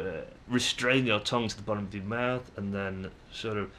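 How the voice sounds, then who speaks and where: A man's voice: medium pitch, fairly bright tone, slight background noise. A young man with a Manchester English accent, musing aloud to camera in a casual vlog, hesitant and full of ums and restarts. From England. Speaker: vlogger.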